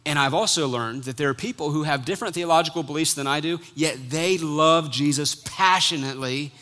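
Bright-voiced animated male pastor preaching. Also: on the high side, fairly quick. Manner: animated, acts out quotes, sudden quiet drops. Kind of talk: sermon.

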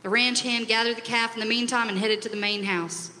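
A woman retelling a parable in the second person, with expressive, dramatic storytelling. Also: on the high side, brisk, slight background noise. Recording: long hall reverb.

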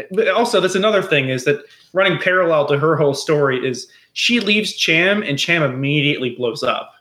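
A man's voice: fairly high pitch, pushed and bright. A man co-hosting a podcast in casual chat, a little drunk, rambling and swearing with lots of restarts. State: tipsy. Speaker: podcast co-host.

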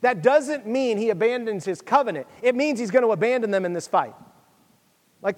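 A male pastor with a high voice preaches in a casual, conversational way. He moves between reading scripture and urging his listeners directly. His voice rings through a hall with a long echo. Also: lively intonation, a little fast. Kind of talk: sermon.

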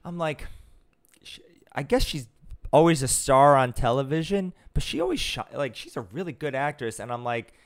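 A man's voice: mid-range voice, animated, moderate pace. A man co-hosting a casual movie podcast, rambling with lots of fillers and restarts. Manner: rambling, filler-heavy, self-correcting. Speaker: podcast co-host. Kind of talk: casual chat.

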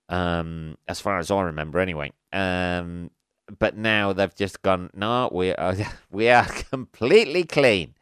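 A man's voice: low-pitched, a bit bright, clear, resonant tone, dry recording. A man hosting a podcast, talking in a rambling, sweary monologue with chuckles and lots of fillers, close to the mic. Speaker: podcast host. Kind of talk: casual monologue.

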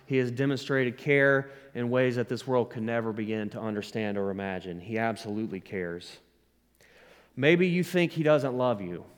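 A man's voice: mid-range voice, moderate pace, smooth. A man pastor preaching a sermon with rising emphasis, asking the congregation to respond. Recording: long hall reverb.

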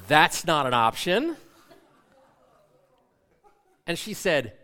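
Animated self-mocking preacher, man. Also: on the high side, takes it slowly, long pauses. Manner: animated storyteller, self-mocking, acts out dialogue. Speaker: pastor. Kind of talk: sermon with personal story.

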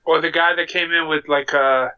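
Bright sounding guy chatting, asks stuff, kinda dull lo-fi audio. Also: a little high, fairly even intonation, moderate pace, clean tone. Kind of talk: casual podcast chat.

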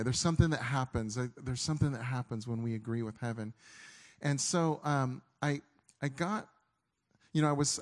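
A man's voice: medium pitch, darkish tone. A middle-aged man preaching a sermon, telling a story in an earnest way that halts and restarts often. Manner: earnest, halting, with frequent restarts.

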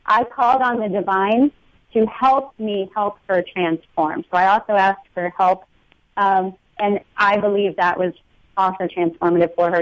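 A woman's voice: mid-range voice, no echo, muffled recording. A woman guest on a talk show speaks earnestly and in an uplifting tone about spirituality, with some fillers.

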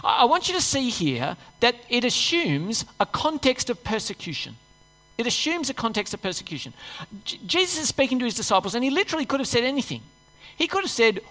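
A woman's voice: on the high side, very animated, a little fast, fairly bright tone. Give me a woman preacher reading scripture and chatting to her congregation, with a long hall reverb behind her. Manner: conversational, asks the congregation rhetorical questions. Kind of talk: sermon with Bible reading. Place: church.

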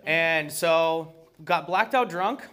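A man sharing his story at a recovery meeting in a slightly higher-pitched voice. His telling is loose and profane, with plenty of ums and you-knows. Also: takes it slowly, sharp tone, a little hiss or hum. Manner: loose and profane, heavy with fillers. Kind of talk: casual personal share.

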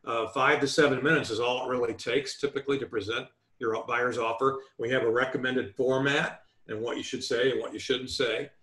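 A man's voice: medium pitch, steady tone, fairly quick, hardly any pauses, a bit bright, roomy sound. A man giving real estate negotiation advice as a guest in an interview, emphatic and instructive, laying points out like a list. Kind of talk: remote interview.

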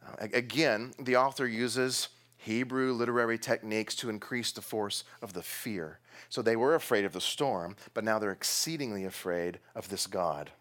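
A man's voice: lowish voice, a bit bright. A man preaching a sermon as pastor, talking casually, laughing now and then and stressing some words strongly. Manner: conversational preaching with laughs and sudden bursts of emphasis.

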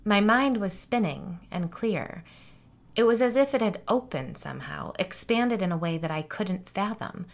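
A woman narrating a first-person audiobook, expressive and dropping low and soft on tense moments. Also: moderate pace, vocal fry.

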